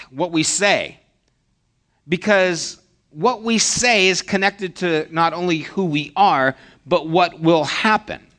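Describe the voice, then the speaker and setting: Guy preaching a sermon, kinda high voice, chatty, goes quiet and hushed to make a point. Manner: conversational preaching, acts out mock dialogues, drops to a hushed voice. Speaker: pastor.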